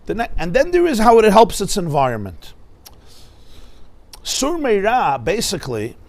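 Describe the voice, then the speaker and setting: A man teaches a Torah class in a fairly high voice. He talks in an animated way, asks his listeners rhetorical questions and weaves Hebrew and Yiddish terms into his English. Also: normal speed.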